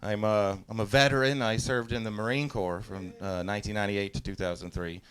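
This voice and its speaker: A man in his forties from Southeast Texas doing live stand-up, telling stories in a laid-back way, often laughing at his own jokes and breaking into loud yelled impressions. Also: fairly low pitch, fairly even intonation, brisk, clean tone. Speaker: stand-up comedian. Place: live comedy stage.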